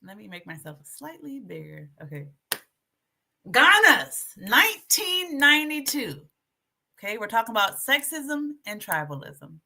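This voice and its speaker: A woman hosting a casual livestream, chatty and animated, reading aloud from her notes while sharing her screen. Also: fairly high pitch, a little slow, creaky. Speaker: livestream host.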